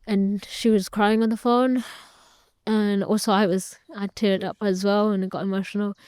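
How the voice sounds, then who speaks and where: Young woman, interview guest, earnest personal storytelling, mellow smooth tone, dry close sound. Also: medium pitch, level tone, normal speed, no echo. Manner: earnest, retells family dialogue at length.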